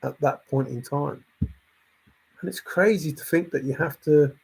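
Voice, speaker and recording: A man's voice, slightly higher than most and a little husky, carries a casual opinion rant. He sounds exasperated and animated, circling back to the same points again and again. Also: unhurried. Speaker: channel host.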